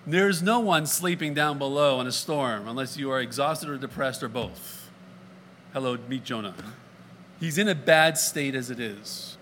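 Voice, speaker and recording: A man's voice: medium pitch, animated, moderate pace, a bit bright, slight background noise. A man preaching a sermon, reading scripture aloud and telling the story in a conversational, jokey way, acting out lines of dialogue.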